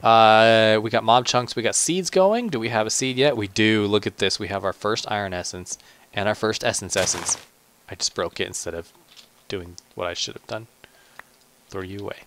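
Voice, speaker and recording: Low-pitched male gamer, rambling let's play talk, faint hiss behind. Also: little pitch movement, moderate pace, a bit bright. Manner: chatty, self-deprecating, talks to himself while playing; muttered asides and stumbling restarts. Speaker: gaming channel host.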